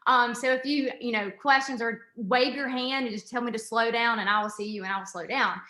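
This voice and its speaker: A woman, an assistant professor presenting a program in a fast, excited, chatty way. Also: a little high, echoey room.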